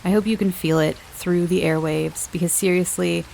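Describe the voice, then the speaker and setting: Woman podcaster, low gravelly voice, rambling casual chat, faint hiss behind. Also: fairly even intonation, normal speed, darkish tone, rough recording. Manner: chatty, rambling, laughs often. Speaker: podcast host.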